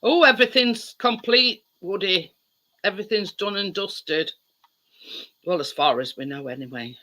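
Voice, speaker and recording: A man's voice: sits high, normal speed, pushed and bright. A man, hosting a casual livestream chat and telling stories with plenty of laughs. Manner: chatty storytelling with frequent laughs. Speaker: livestream host. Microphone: livestream video call.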